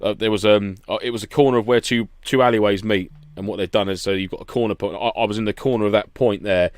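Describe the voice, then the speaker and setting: Guy on a podcast, lowish voice, dry close sound, rambling stories with the odd swear. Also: fairly even intonation, fast, clear, resonant tone, no room sound. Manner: chatty storyteller, swears casually. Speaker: podcast co-host. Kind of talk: casual chat.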